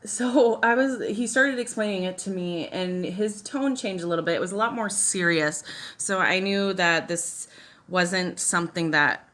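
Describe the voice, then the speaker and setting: During a makeup tutorial, a woman who vlogs about beauty and is a mother rambles casually through a personal story, saying "like" and "you know" a lot. Her voice is on the low side, a bit bright, and a little slow.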